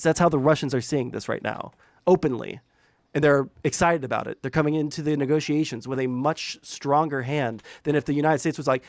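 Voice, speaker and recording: A man's voice: on the high side, a little fast, dry recording, clean studio sound. A man streaming, talking politics in a casual, profane, rambling way full of filler words.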